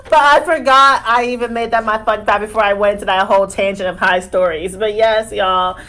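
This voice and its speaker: Young woman cohost, loud and crude, laughing a lot, just chatting. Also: mid-range voice, steady tone, a little fast. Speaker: podcast co-host. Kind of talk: casual chat.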